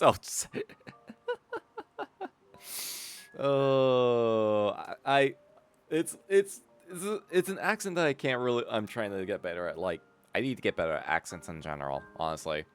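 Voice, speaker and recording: A man's voice: fairly low pitch, lively intonation, normal speed, soft background music. A man streaming a game, chatting casually in a rambling, self-deprecating way full of fillers. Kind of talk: casual commentary over a game.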